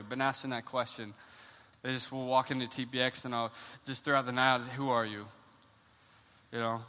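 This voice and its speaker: A young adult man, a pastor, preaching an animated sermon with a personal story in a church, often repeating words as he talks. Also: medium pitch. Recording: long church hall reverb.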